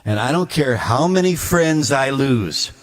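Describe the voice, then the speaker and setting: A man's voice: medium pitch, animated, a little slow. A man speaking a blunt, emphatic ranting monologue to his viewer as a video creator.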